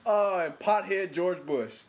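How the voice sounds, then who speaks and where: A man chatting casually about movies, swearing a lot, laughing often and acting out scenes in quick put-on voices. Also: high voice, a little hiss or hum. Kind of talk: casual profane movie chat.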